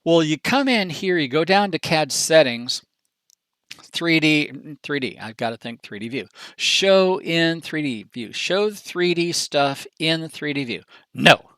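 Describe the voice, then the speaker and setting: A man giving a casual software training presentation in a folksy, chatty, animated way, with slangy asides. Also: on the high side, unhurried, no echo.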